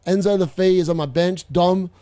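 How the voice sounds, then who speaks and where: A young man hosting a live fantasy football watchalong, excitable and gloating, laughing often and repeating himself. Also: high-pitched, moderate pace. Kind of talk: live stream commentary.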